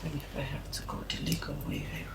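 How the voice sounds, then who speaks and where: A protective mother with a Nigerian accent and a low, gravelly voice. She speaks slowly and reassuringly in a roomy space, with faint background ambience. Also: background noise, full character voice. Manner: calm, reassuring. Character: steady protective mother reassuring her daughter.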